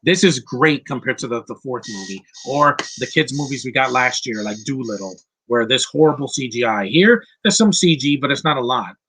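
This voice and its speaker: A man's voice: mid-range voice, animated, moderate pace, few pauses, fairly bright tone, slight background noise, poor audio. A man in his thirties giving casual live-stream movie commentary, rambling and blunt, swearing freely and often restarting sentences. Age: 30s.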